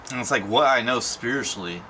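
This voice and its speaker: A man's voice: medium pitch, fairly quick, sharp tone, slight background noise. A young man talking in a casual personal vlog, rambling and emotional, with many fillers and restarts. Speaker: vlogger.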